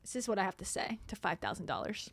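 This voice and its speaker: A woman's voice: mid-range voice, very animated, quick pace, husky, no room sound, clean studio sound. A middle-aged woman hosting a casual livestream, telling a story in a chatty way with frequent laughs. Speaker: livestream host. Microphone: streaming mic.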